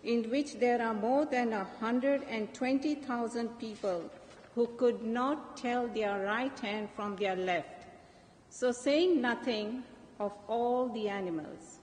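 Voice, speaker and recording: A woman reads scripture at Mass slowly and carefully, in a fairly high voice. The church around her is echoey with a long reverb. A faint background noise runs underneath. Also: darkish tone. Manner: slow, careful reading. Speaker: lector.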